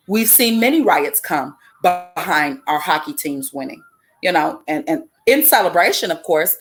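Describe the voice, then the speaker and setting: A young woman from Chicago talks straight to her listeners in a casual monologue. She is emphatic and preachy, punching her points with a repeated "okay?". Her voice sits a little low for a woman. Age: 20s. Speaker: podcast host.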